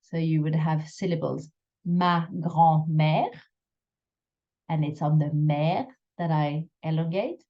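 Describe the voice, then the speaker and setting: A woman teaching French pronunciation in a recorded lesson, explaining slowly and carefully, drawing out her example phrases. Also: sits low, warm tone, dull audio.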